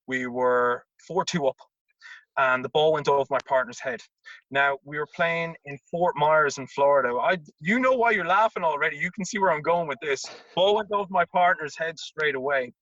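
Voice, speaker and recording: A man, a tennis coach telling an animated anecdote as an interview guest and acting out the voices in it. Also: fairly high pitch, no room sound. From Ireland. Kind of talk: casual storytelling. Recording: dull lo-fi remote audio.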